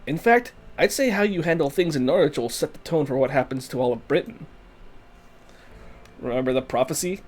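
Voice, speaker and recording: A man's voice: fairly high pitch, animated, a little fast. A man voicing a cheerful female genius guide in a put-on stereotyped Italian accent, reading game lines. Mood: guiding. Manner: stereotyped Italian lilt, playful. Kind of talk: fan voicing of a game's story text.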